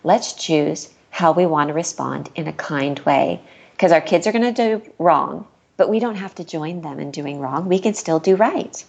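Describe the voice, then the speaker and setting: A woman's voice: low voice, animated, moderate pace, gravelly, darkish tone. A woman author, a guest in a conversational interview, speaking earnestly and acting out what she says to her kids. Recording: dull lo-fi recording.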